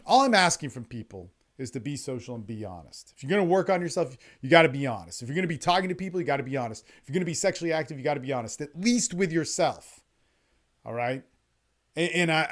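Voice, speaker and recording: Blunt, profane man telling stories. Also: medium pitch. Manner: blunt, profane, animated, quick-talking storyteller with many restarts. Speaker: dating and men's development coach. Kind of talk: casual storytelling monologue. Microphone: online call recording.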